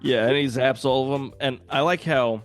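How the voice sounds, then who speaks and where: Animated man chatting about movies. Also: mid-range voice, moderate pace, soft background music. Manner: animated, swears, acts out quotes. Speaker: podcast co-host. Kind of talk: casual movie chat.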